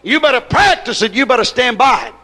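High, bright-voiced folksy preacher man. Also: animated, brisk. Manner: folksy, emphatic, repeats "I said" while retelling. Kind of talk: sermon.

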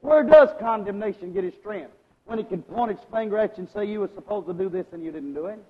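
High-voiced preacher in an echoing hall. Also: male voice, fast, slightly rough. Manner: questions the congregation and asks for agreement; loudness swings between strong and hushed. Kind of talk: sermon to a congregation. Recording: lo-fi recording with a long hall echo.

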